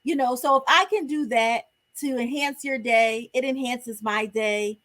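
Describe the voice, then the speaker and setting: Podcast co-host, woman, high voice, earnest and reflective. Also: measured pace, a bit bright. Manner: earnest, reflective, gives advice. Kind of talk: casual chat.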